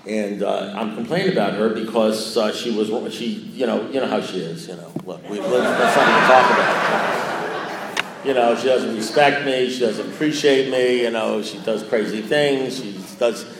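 A man's voice: fairly low pitch, moderate pace, creaky, a bit bright, a little hiss or hum. A man in his sixties tells a rambling, joking personal recovery story to a group, swearing casually and restarting his sentences. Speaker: speaker at a recovery meeting. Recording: echoey room.

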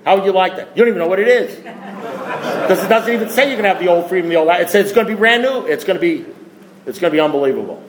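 High-voiced man preaching recovery. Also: animated, rapid-fire, crowd noise, rough recording. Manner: emphatic, repetitive, full of rhetorical questions. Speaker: speaker at a recovery meeting. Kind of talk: impassioned talk to a group.

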